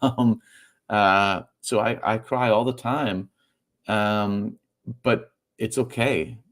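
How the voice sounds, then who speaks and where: A man, the guest author in an interview, talking in a halting way, repeating words and laughing softly as he speaks. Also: lowish voice, fairly even intonation. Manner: halting, repeats words, stumbles through fillers; laughs softly mid-sentence while talking. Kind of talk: emotional conversational interview.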